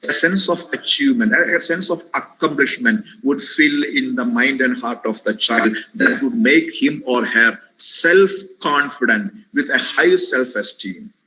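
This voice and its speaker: A man's voice: mid-range voice, sharp tone, a little hiss or hum, rough recording. Earnest, preachy man lecturing parents. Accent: Indian English. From India. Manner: earnest, preacherly, addresses listeners as "my dear friends"; emphatic repetitions. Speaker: webinar speaker. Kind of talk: impassioned lecture. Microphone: webinar headset or computer mic.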